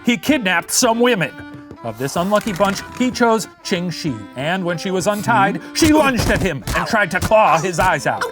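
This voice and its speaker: Man voicing a theatrical puppet history professor; high, lively delivery over a music bed. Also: normal speed. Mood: storytelling. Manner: theatrical and singsong, big swoops in pitch. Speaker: host playing a puppet professor. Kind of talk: comedic scripted history lesson.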